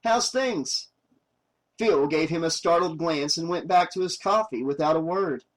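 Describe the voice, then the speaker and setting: A man reading a horror novel aloud as an audiobook narrator, steady and plain. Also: a little high, normal speed, low-quality recording.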